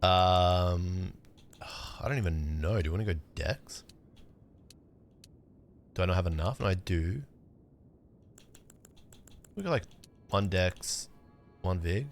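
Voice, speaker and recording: A man's voice: low-pitched, slow pace, long pauses, a little hiss or hum. A young man chatting casually on a livestream while gaming, laid-back and rambling, cursing now and then. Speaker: streamer.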